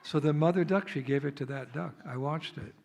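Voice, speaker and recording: A man's voice: on the high side, a little fast, creaky, a little mellow, a little hiss or hum. A man with an American accent giving a devotional sermon at a temple, telling stories in a chatty way, laughing often and acting out the scenes. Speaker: visiting monk speaker. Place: temple hall.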